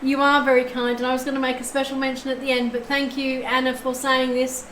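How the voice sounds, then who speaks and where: A woman's voice: high-pitched, little pitch movement, quick pace, fairly bright tone, echoey room, a little hiss or hum, rough recording. A woman streaming live tarot readings, chatting effusively and thanking her viewers as she goes.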